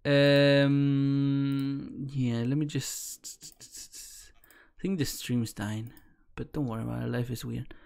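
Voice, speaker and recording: A man's voice: mid-range voice, flat delivery, slow, creaky, darkish tone. A man streaming as he reads a webcomic aloud in a casual way, tripping over words, restarting, laughing and swearing as he goes.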